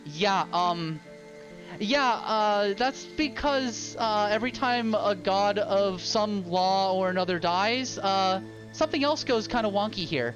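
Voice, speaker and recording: A man's voice: high-pitched, lively intonation. Brief: man doing a nervous, courteous lawyer, stop-start delivery, lo-fi sound with music beneath. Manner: halting, full of ums and restarts, polite. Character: hesitant, fussy male lawyer, mild and bureaucratic. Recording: dull lo-fi with loud ambient music.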